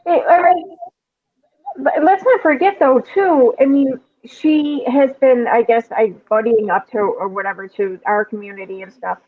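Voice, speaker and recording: A woman co-hosting a casual chat, loudly chiming in with her opinion. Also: on the high side, moderate pace. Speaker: co-host. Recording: tinny phone-like line.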